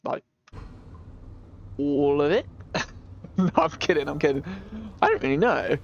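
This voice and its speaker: A young British man casually commenting while he plays a game, chatty and excitable, often laughing. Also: fairly high pitch, measured pace, gravelly, highs cut off. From Britain. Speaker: streamer.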